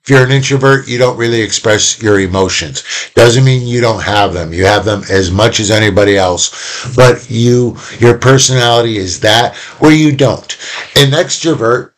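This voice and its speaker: A man teaching viewers from home in a casual, animated way, acting out examples as he explains. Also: medium pitch, normal speed. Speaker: instructor. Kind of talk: recorded lecture to viewers.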